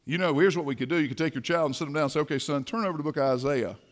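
A man preaching a sermon in a church, swinging from quiet asides to fiery shouting. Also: a little high, very fast. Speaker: pastor. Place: church sanctuary.

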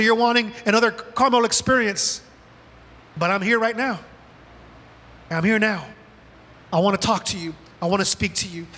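A man preaching with a high, bright, ringing voice, animated and dramatic, often acting out the lines he quotes. His sermon echoes with a long reverb through a large church hall. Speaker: pastor. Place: church auditorium.

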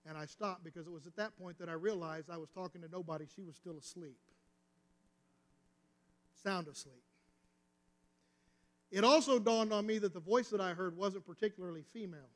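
Preacher guy, kinda high voice, storytelling sermon, big reverb from the church hall. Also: moderate pace, long pauses. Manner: personal storytelling, rising and falling intensity. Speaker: pastor. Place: church sanctuary.

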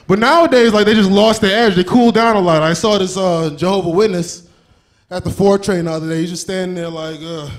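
A man performing a stand-up comedy set on a club stage, crude and animated, slipping into quick character voices. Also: sits high.

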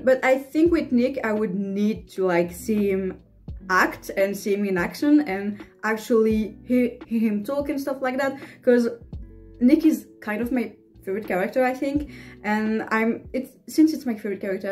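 A woman's voice: fairly high pitch, darkish tone. A woman vlogging a casual fan reaction, gushing and rambling with many fillers and restarts. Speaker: book vlogger.

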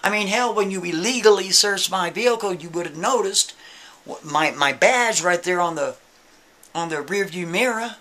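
A man's voice: sits high, normal speed, bright, forceful tone, pitched above the performer's own voice. A man telling a story voices a wrongly arrested man who pleads and insists on his innocence. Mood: pleading.

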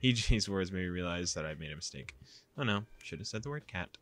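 A man's voice: low-pitched, expressive, a little fast, fairly bright tone. A young man reading a visual novel aloud, with casual, exasperated asides. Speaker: gaming YouTuber.

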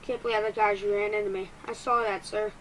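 A woman giving excitable let's-play commentary as a gaming YouTuber, quick to get frustrated and poking fun at herself. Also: mid-range voice, slight background noise, poor audio.

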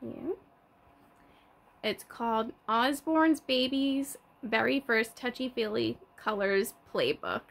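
A young woman teaching toddlers, reading a picture book aloud in a slow, sing-song way with gasps of surprise. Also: on the high side.

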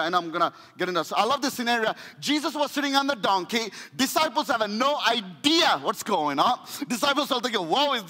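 Pastor guy preaching, high voice, goes loud then real quiet, echoey church. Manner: impassioned, swings from loud to hushed; repeats phrases for emphasis. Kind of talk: sermon.

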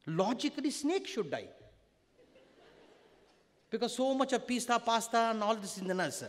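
A man with an Indian English accent giving a storytelling discourse to students, swinging between loud emphasis and hushed tones. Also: very high voice, sing-song, moderate pace. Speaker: spiritual teacher. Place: large university auditorium. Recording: long auditorium reverb.

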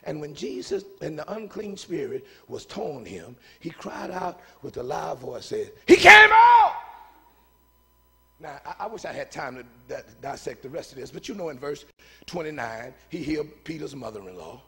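A man preaching a lively sermon, talking with the congregation and swinging between shouted lines and hushed asides. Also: fairly high pitch, normal speed, vocal fry, in a large hall. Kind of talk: call-and-response sermon. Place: church sanctuary.

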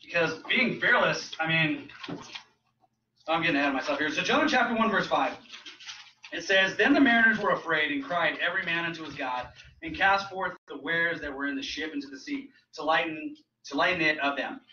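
Bright-voiced man preaching in echoey church. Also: a little high, expressive, fairly quick, a little hiss or hum. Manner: casual, joking preaching with mocking quoted voices. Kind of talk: sermon. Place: church sanctuary. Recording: roomy, distant, dull church recording.

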